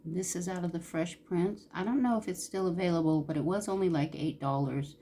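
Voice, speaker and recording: A woman with a slightly low voice chats candidly to camera during a makeup tutorial, fighting back tears now and then. A faint hum of room ambience sits behind her. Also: brisk, dark tone. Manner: candid, emotional, chatty with Southern-style "y'all". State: close to tears. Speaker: beauty vlogger. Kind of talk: casual makeup tutorial chat.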